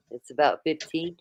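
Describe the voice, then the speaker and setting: A woman hosting a casual livestream, chatting and reading viewer comments aloud. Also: low voice. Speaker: livestream host.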